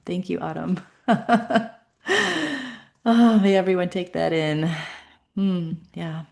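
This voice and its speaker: Woman, low pitch, gravelly, soft-spoken spiritual host. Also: fairly even intonation, takes it slowly, pauses often. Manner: gentle, soft-spoken, reads listener comments aloud. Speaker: host of a meditation show. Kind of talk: spiritual group session.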